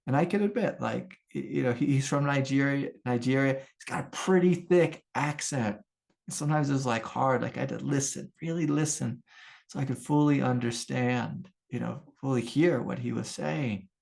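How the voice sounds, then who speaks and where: A man's voice: medium pitch, moderate pace, vocal fry, darkish tone. A middle-aged man, a spiritual teacher, telling a story in an earnest, conversational way. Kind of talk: casual storytelling talk.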